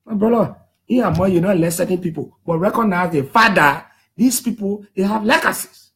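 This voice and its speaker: High-voiced Liberian man, animated storytelling. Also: a little fast. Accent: Liberian English. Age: 30s. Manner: lively, emphatic, slips into quoting others in put-on voices. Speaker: human rights defender speaking to the public.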